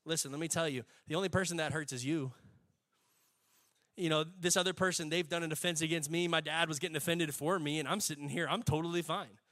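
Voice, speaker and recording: A young adult man preaching a sermon, folksy and animated, building to emphatic peaks. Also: fairly high pitch, quick pace. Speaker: pastor.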